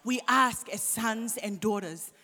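A woman pastor preaching a sermon, impassioned, sometimes dropping to hushed asides. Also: a little high, slow, in a large hall, soft background music.

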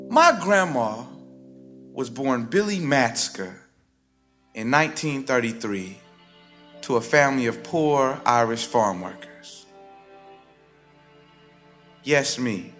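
A man performing a personal story live on stage, with a rhythmic, theatrical delivery that swings sharply in pitch and loudness. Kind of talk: live spoken-word storytelling. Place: stage before a live audience. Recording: live stage recording with music bed underneath.

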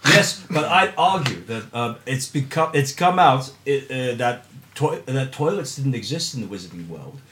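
A man's voice: mid-range voice, expressive, normal speed, a bit bright, echoey room, a little hiss or hum. A man hosting a casual comedic podcast, reading listener questions with playful laughter and stammered restarts.

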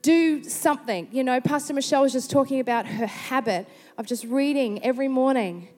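Animated Australian woman preaching in a hall. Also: sits high, fairly quick. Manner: chatty, animated storyteller who slips into quoted voices. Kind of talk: sermon with personal storytelling. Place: large church hall. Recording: long hall reverb.

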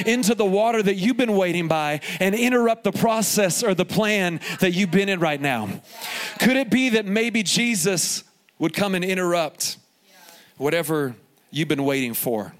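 A man in his forties preaching a sermon at a live event, telling stories with humor and lively asides. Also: high-pitched. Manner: animated storytelling with asides and humor. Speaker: pastor.

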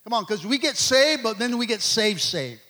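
A middle-aged man preaching a sermon, repeating words and calling out, sometimes shouting and sometimes dropping to a low murmur. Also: sing-song, moderate pace. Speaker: pastor.

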